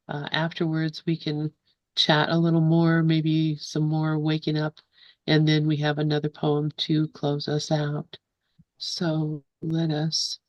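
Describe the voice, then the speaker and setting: A woman hosting an online group, speaking gently and reading a poem slowly with long pauses. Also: deep voice, dry recording. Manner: gentle, measured, pauses often. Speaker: group host. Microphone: video call. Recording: dull dry video call audio.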